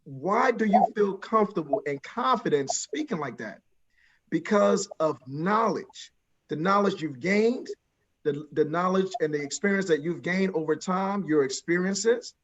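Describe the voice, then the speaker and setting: A man's voice: high-pitched, lively intonation, unhurried, muffled recording. A man moderating a panel discussion, eager and affirming, jumping in with agreement.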